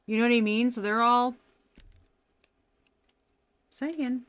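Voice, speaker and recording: A woman's voice: a little high, fairly even intonation, slow pace, a bit bright, no echo. A woman giving a casual tarot reading, talking animatedly, laughing often and swearing freely. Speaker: tarot reader.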